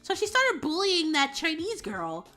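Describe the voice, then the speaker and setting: Woman, very high voice, bright tone, lively rambling storytelling, casual stream chat. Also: measured pace, faint music behind. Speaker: VTuber streamer.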